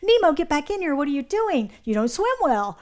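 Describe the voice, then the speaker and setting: A frantic, fussing clownfish father, forever repeating his worries, as a woman preacher acts him out in her story. The voice sits a touch high, the same as the storyteller's own. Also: moderate pace, darkish tone, natural voice. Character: anxious overprotective father clownfish.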